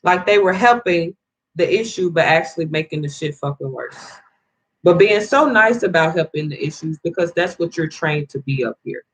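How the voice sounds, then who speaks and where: A woman's voice: lowish voice, lively intonation, moderate pace, slightly rough, low-quality recording. A woman in an angry, profane rant to camera, swearing heavily and rambling with restarts as she vents. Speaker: vlogger.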